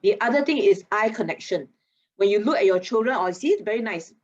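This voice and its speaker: A woman talks through a video call and drops casual particles into her sentences. Her voice is a little husky, and the audio sounds dull and muffled. She speaks in an animated, playful way, teasing her listeners as she teaches. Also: medium pitch, a little fast. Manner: animated, chatty, teasing, with local particles like lah. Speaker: guest speaker on mental wellness. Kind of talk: lively expert talk in an online masterclass.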